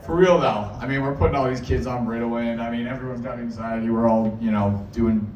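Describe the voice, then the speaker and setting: A man's voice: mid-range voice, fairly even intonation, brisk, darkish tone, muffled recording, slight background noise. A young man from Massachusetts doing a stand-up set in a small bar, crude and rambling, with many fillers. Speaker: stand-up comic. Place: small bar comedy stage. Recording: echoey bar from a distant mic.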